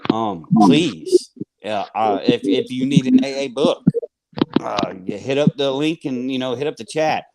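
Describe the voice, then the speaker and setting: A man's voice: medium pitch, unhurried, a loud crowd. A man with a Southern US accent telling his recovery story casually, rambling with lots of fillers like "man". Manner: rambling, filler-heavy, says "man" and "y'all". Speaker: guest sharing recovery story.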